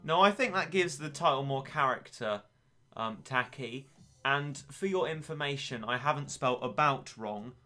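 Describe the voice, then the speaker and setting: Late-teen male streamer, wry and chatty, sharp bright voice. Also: mid-range voice, moderate pace, soft background music. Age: late teens. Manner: chatty, wry and self-mocking. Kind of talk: casual gaming stream chat.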